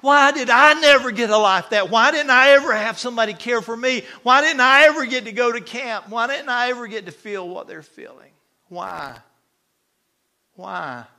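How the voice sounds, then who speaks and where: A preacher acting out a raging, despairing down-and-out man who shouts anguished questions. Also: on the high side, expressive, very slow, creaky, pauses often, exaggerated voice. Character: raging desperate down-and-out grown man.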